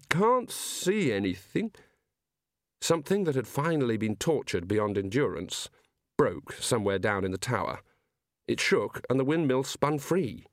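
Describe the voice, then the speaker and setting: A man reading a novel aloud as an audiobook narrator, in measured storytelling. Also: medium pitch, no echo, studio quality. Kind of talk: scripted narration.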